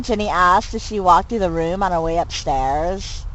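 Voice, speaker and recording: A host reading a fanfic aloud with comic commentary, animated and switching between narration and character voices. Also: mid-range voice, moderate pace, highs cut off. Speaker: reader and host.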